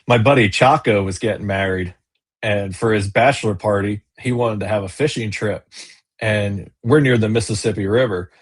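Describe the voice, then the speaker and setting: A man's voice: on the low side, normal speed, husky. A man, a business owner and kayak angler, chatting casually in an interview over a video call, rambling with fillers and restarts.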